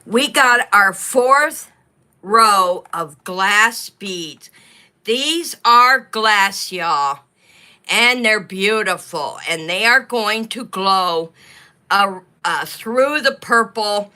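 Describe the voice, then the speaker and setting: A woman hosts a craft livestream with a bright, clear voice, talking slowly as she beads. She speaks chattily to her viewers and has the hiccups. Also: mid-range voice, animated. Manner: chatty, talks to viewers while beading. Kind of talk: casual livestream craft talk.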